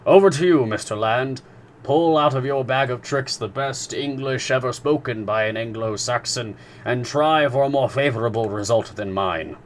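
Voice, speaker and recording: A man's voice: mid-range voice, normal speed, a little hiss or hum, voice pushed up, close to an everyday voice. A man reading a novel aloud, voicing a learned professor who speaks emphatically and exclaims. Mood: emphatic.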